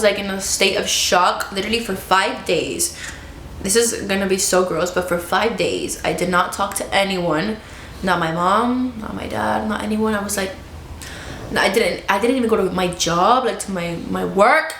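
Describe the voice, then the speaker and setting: A woman vlogging to the camera at home, chatty and expressive, laughing often. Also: medium pitch, moderate pace, reverberant, a little hiss or hum. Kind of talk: casual chat to camera. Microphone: camera in front of her.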